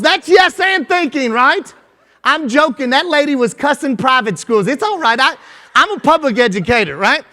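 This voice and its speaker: In a big conference hall with long reverb and faint music, a school superintendent with a Kentucky accent gives a jokey, down-home keynote, frequently tossing in "right?" His voice is very high and sharp, expressive, and at a normal speed.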